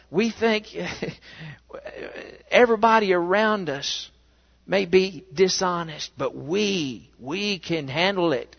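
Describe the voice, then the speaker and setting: Male pastor, unhurried, storytelling sermon; reverberant, muffled church recording. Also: high voice, gravelly. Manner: animated storytelling with rhetorical questions. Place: church sanctuary. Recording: echoey, dull church recording.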